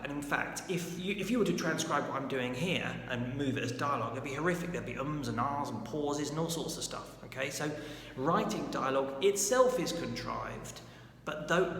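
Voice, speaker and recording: A man's voice: medium pitch, gravelly, a bit bright. A man giving a casual writing lesson, speaking informally and often checking in with "right?". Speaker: writer giving writing advice. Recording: echoey room with long reverb, faint background noise.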